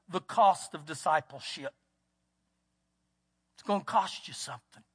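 High-voiced Texan pastor preaching. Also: male voice, fairly bright tone. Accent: Texas. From United States. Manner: folksy storytelling, acts out quotes. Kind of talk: sermon. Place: church sanctuary. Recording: church hall with long reverb.

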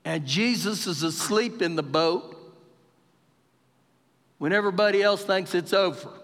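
A man from Texas with a Texan accent, preaching an animated sermon as pastor at a live church service. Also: high voice, a little slow. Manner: animated preacher, raising his voice for quoted lines. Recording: live hall with long reverb.

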